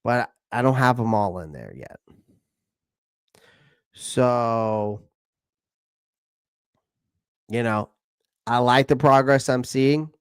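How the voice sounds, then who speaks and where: A chatty man answers viewer comments on a casual live stream. He keeps circling back and repeating his points. His voice is smooth and clear in a dry, close room. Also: medium pitch, lively intonation, takes it slowly, pauses often, no echo. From South Carolina. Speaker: channel host answering live chat.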